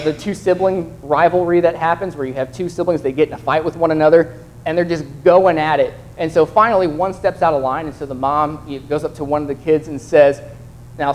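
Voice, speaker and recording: A man's voice: fairly high pitch, a little mellow, slight background noise, poor audio. A young man preaching a sermon in a conversational way, acting out the voices of the people in his examples. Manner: conversational, acts out quoted voices.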